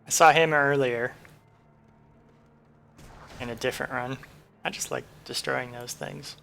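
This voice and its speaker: Gravelly man mumbling through a game. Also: mid-range voice, fairly even intonation, a little slow, fairly bright tone, slight background noise. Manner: rambling, self-deprecating, thinking aloud. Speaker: streamer. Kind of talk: casual gameplay commentary.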